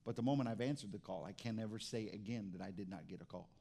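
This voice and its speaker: A man's voice: lowish voice, fast talker, gravelly, warm tone. A middle-aged pastor preaching a sermon in a conversational way, often restarting his sentences.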